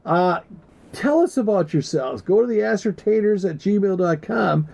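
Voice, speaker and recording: A man's voice: high voice, lively intonation, unhurried, gravelly, a little mellow. A man co-hosting a podcast in casual chat, joking and teasing and swearing freely. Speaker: podcast co-host.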